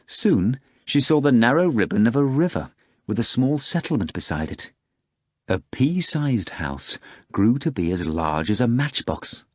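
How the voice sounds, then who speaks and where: A man narrating an audiobook in a measured, even manner. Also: medium pitch, slightly rough, dry recording, clean studio sound. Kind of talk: scripted narration.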